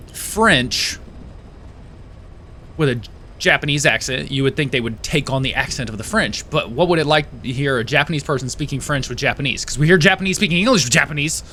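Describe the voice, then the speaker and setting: Rambling, swearing gamer. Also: male voice, on the high side, bright, forceful tone, a little hiss or hum. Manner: rambling, swears, trails off into restarts and tangents. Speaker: let's play gamer. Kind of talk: casual gameplay commentary.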